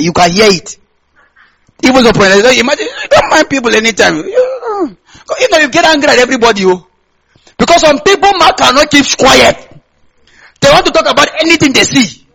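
A man's voice: very high voice, fairly bright tone, low-quality recording. A male pastor from Nigeria with a Nigerian accent, preaching a sermon and tossing questions back to the congregation.

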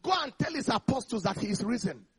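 A man preaching an energetic sermon, emphatic and calling for responses from the congregation. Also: high voice, fast talker, slightly rough.

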